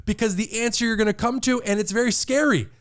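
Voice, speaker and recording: A man co-hosting a comedy podcast in relaxed conversation, with a notably high voice for a man. He talks in a dry, wry way and pushes back on his partner with deadpan asides. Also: fast. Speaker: podcast co-host. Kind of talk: casual comedy chat.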